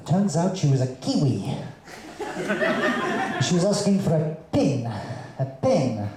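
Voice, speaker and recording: A man doing a stand-up comedy set on a theatre stage, telling jokes in a hesitant, halting way with many fillers. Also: a little high, sing-song, noisy background. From Russian parents, raised in Colombia. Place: theatre stage before a live audience. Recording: echoey theatre with audience ambience.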